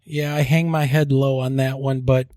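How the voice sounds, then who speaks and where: A man's voice: mid-range voice, level tone, mellow, no room sound, clean studio sound. Upbeat joking podcast host man. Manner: upbeat, jokey promo delivery, spells out web addresses slowly. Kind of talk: casual podcast chat and announcements.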